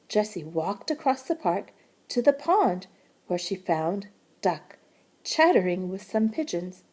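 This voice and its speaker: A woman reads a picture story aloud to young children, taking it slowly and gently. Her voice is soft and airy, and her pitch rises and falls expressively. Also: sing-song, slightly rough. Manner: gentle, warm-toned teacherly narration. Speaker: librarian reading to children.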